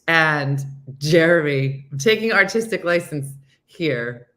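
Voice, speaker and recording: A woman's voice: sits low, slow. A woman hosting a casual morning show, telling a funny story with lots of laughing and acted-out quotes. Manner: animated storytelling, acts out quotes, laughs often. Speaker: host.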